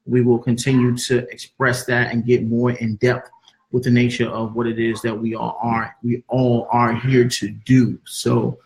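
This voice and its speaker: A man's voice: medium pitch, level tone, a little slow, low-quality recording. A man hosting a spiritual talk show, speaking earnestly and repeating his words of encouragement. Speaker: host.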